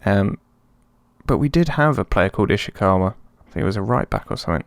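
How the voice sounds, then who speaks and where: A man casually commenting on his own football management game, chatty and prone to sudden excited outbursts. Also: fairly low pitch, brisk, gravelly, no echo. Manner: excitable, chatty, swings between calm and yelps. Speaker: let's play host.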